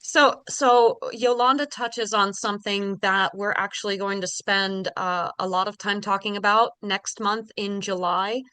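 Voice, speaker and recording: A woman hosts a community conversation in a bright, crisp voice, clear and smooth. She speaks thoughtfully and reflectively, pausing with small fillers. The sound is close and dry. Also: mid-range voice, steady tone, no room sound. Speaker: podcast host.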